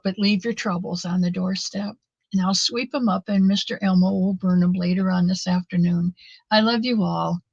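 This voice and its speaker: A woman's voice: mid-range voice, breathy edge, no room sound, dull audio. A middle-aged woman hosting a live knitting stream, chatting casually and earnestly with viewers in a motherly way. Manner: warm, motherly, talks straight to viewers; earnest and faith-filled.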